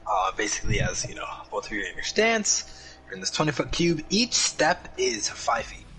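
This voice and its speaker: Young male dungeon master, bright and animated, voice-call sound. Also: medium pitch, moderate pace, poor audio. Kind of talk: casual tabletop game narration.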